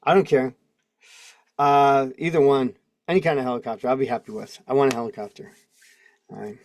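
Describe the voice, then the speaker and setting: A man's voice: medium pitch, a little fast, a little hiss or hum. A man in his forties hosting a casual livestream, rambling and laughing as he reads legal text aloud and comments. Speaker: host. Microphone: video call mic.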